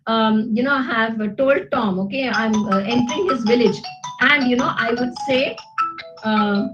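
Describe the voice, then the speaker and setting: Woman teacher, high voice, middle-aged, chatty explainer full of tag questions. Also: unhurried, lo-fi sound, music in the background. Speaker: college English teacher. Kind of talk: classroom grammar lesson.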